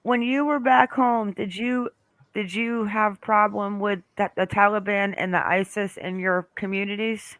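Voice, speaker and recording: A woman's voice: medium pitch, fairly even intonation, unhurried, a bit bright, no echo. A woman hosting a live stream, chatting casually and emotionally with many restarts and fillers. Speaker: host.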